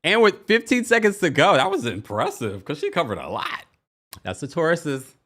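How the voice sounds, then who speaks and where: A man hosting a live call-in show, playful and quick with asides. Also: on the high side, huge pitch swings, fairly bright tone. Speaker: host.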